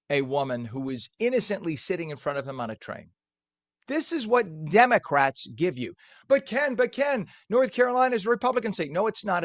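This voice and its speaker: A man's voice: medium pitch, fairly bright tone, no echo. Ranting New talk-radio man. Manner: ranting, heated and sarcastic. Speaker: morning show host. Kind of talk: opinionated news commentary.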